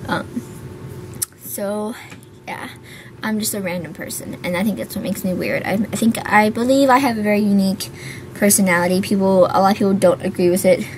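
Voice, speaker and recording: A woman's voice: medium pitch, a little fast. A young woman talks to her camera in a loose, rambling vlog, stringing thoughts together with lots of fillers. She sounds hyper yet tired, yawning now and then. A faint hiss of background noise sits under her voice. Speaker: YouTuber. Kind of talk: casual vlog chat to camera.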